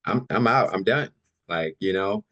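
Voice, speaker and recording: A man, a podcast guest, telling stories in a casual, animated way, often filling in with "you know" and "like", and laughing easily. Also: on the low side, measured pace, lo-fi sound. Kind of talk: casual storytelling chat.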